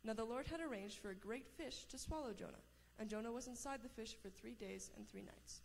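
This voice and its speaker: A woman's voice: fairly high pitch, a little fast, creaky, a little hiss or hum. Woman reading scripture in an echoey hall. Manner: steady reading with small slips and restarts. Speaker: scripture reader.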